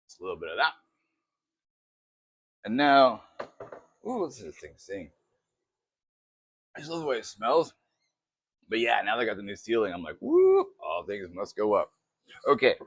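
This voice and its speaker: A man chatting through a casual cooking demo in his home kitchen, excitable and poking fun at himself. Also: on the low side, normal speed, pauses often, husky, no room sound. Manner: chatty, excitable, self-mocking. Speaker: cooking vlogger.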